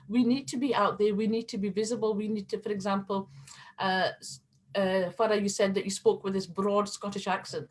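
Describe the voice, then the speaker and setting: A middle-aged woman speaking as a panelist on a video call, talking passionately and building to emphatic appeals. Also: on the high side. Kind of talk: earnest discussion on a video call.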